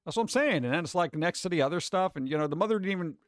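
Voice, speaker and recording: A man's voice: high-pitched, animated, very fast, no echo, studio quality. A man hosting a livestream, rambling through casual chat and acting out other people's voices. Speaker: livestream host.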